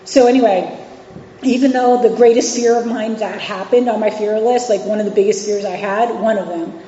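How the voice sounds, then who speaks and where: A woman's voice: mid-range voice, fairly even intonation, normal speed, mellow, slight background noise. A woman in her forties from New York City and Virginia, giving a candid, conversational recovery share as a guest speaker at a meeting, with frequent fillers and restarts. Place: meeting hall. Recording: echoey hall, dull lo-fi sound.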